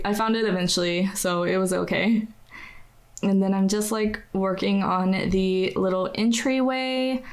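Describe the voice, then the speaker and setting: A young American woman giving casual voice-over commentary on a building video, chatty and rambling, full of "like" and self-deprecating laughs. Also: mid-range voice. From United States. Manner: chatty, rambling, says "like" constantly, laughs at herself. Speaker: game builder narrating a speedbuild.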